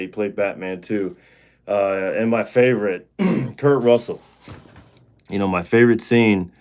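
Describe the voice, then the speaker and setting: A man in his thirties hosting a casual live-stream chat, talking bluntly with plenty of swearing and excitable outbursts. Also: lowish voice. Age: 30s. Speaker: show host.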